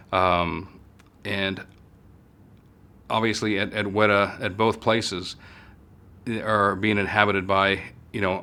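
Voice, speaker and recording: A man from the United States, a guest in a casual interview, telling stories in a halting way with many fillers and restarts. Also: low voice, fairly bright tone. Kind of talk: casual storytelling conversation.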